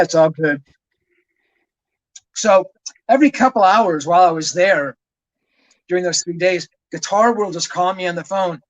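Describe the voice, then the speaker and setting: A man's voice: a little high, a bit bright, no echo, rough recording. A man in his sixties, a rock journalist, telling frank, rambling stories in an interview and often adding asides. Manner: rambling, frank, full of "you know" asides. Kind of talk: conversational storytelling.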